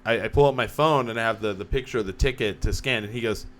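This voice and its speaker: A man's voice: lowish voice, quick pace. A man talking casually on a podcast in a small studio. He tells stories with energy and acts out what other people said. He uses a mid-range voice. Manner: animated storyteller, acts out quotes. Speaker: podcast co-host. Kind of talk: casual chat.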